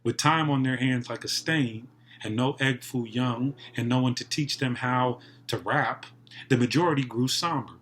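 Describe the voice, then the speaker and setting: Man at mid pitch, reads poetry aloud, measured and deliberate, pauses between lines. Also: fairly bright tone, slight background noise. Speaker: poetry reader. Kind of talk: poetry reading.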